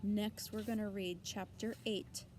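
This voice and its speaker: A woman's voice: mid-range voice, steady tone, measured pace, darkish tone, a little hiss or hum. A woman teacher reading a children's novel aloud expressively, with asides to her listeners.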